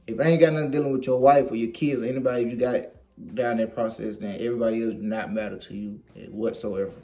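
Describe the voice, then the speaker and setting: A man's voice: medium pitch, steady tone, fast talker, mellow, faint music behind. A young man in his twenties chatting casually, laid-back and reflective, with lots of "you know.". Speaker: husband co-host.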